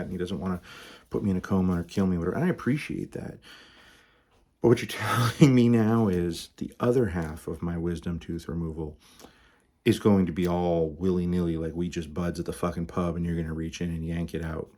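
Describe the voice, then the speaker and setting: A man tells a story in a very low, husky voice. He swears constantly and rambles, with plenty of fillers and restarts. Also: fairly even intonation, brisk, dark tone. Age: 40s. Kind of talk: casual profane storytelling.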